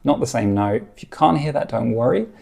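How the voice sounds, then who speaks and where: A man teaching a guitar lesson, explaining calmly and encouragingly, counting beats aloud and singing short snippets. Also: mid-range voice, fairly quick, vocal fry.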